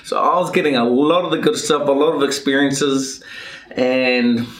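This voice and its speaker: A man with a New Zealand accent, a podcast guest telling his life story in a relaxed, thoughtful way with easy chuckles. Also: mid-range voice, normal speed. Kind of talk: reflective life story, casual chat. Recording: echoey room.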